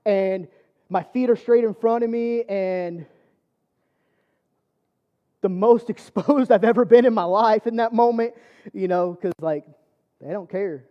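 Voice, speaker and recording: A man's voice: high voice, unhurried, long pauses, lo-fi sound. A man preaching a personal testimony sermon, telling his story conversationally with lots of fillers. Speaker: church speaker.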